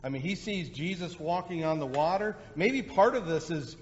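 A male pastor preaching a sermon in a conversational way, with lively bursts when he acts out quotes. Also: on the high side, normal speed. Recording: dull lo-fi sound with long hall reverb.

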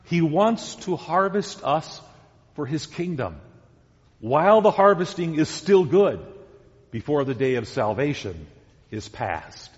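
A man preaching a sermon as pastor, deliberate and emphatic, repeating key words. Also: a little high, very animated. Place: church sanctuary. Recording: dull sound with long church reverb.

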